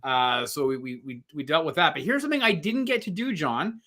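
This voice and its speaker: A middle-aged man chats casually on a live podcast show. His voice is bright and a touch high, and he tells stories with animated, acted-out dialogue. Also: fairly quick. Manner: animated storyteller acting out quotes. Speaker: podcast co-host. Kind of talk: casual chat.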